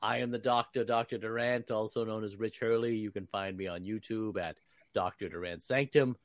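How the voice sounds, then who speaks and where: A man co-hosting a podcast, talking in an animated way with many restarts. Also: fairly low pitch, fairly quick, no echo. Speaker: podcast co-host. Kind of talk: casual chat.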